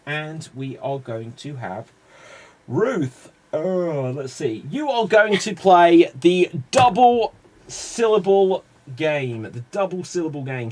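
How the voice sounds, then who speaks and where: A British man hosts an improv comedy stream, setting up games and explaining rules with upbeat energy. His voice sits a little high, and he talks in an unhurried way. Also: a little mellow. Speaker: improv show host. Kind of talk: hosting live improv games.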